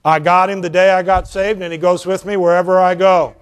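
Evangelist in his fifties, folksy and animated, high voice. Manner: folksy, animated, drawn-out emphasis. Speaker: evangelist preacher. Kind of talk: sermon with storytelling.

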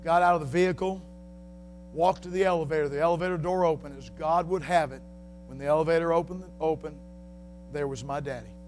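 Male preacher, middle-aged, high voice, fiery sermon delivery, faint hum behind. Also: brisk. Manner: fiery shouting preaching, then quiet storytelling.

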